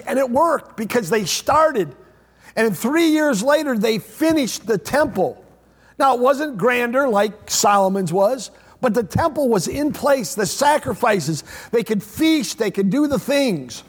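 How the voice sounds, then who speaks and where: A man preaching a sermon as pastor, repeating phrases and swinging between loud emphatic lines and hushed low ones. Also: very animated, unhurried, breathy edge. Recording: long hall reverb.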